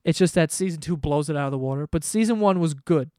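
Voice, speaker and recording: A man's voice: fairly high pitch, fast talker, dark tone, no echo, studio quality. A man in his twenties ranting casually to camera at home, profane and rambling. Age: 20s. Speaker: vlogger. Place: home room below living room.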